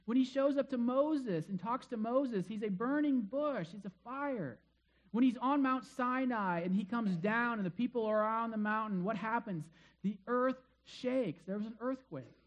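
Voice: medium pitch, normal speed, dull audio. A preacher giving a sermon in a casual, conversational way, firing rhetorical questions at the listeners and dropping playful jokes along the way.

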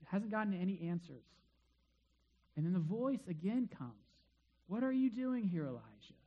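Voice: mid-range voice, a little mellow, dull audio. Conversational preacher full of rhetorical questions. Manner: playful asides and jokes. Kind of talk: sermon.

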